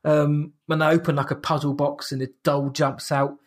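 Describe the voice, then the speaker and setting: A man's voice: fairly high pitch, level tone, moderate pace. A man, co-hosting a casual podcast chat and rambling through a film recap with frequent restarts. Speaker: podcast co-host reviewing a horror film.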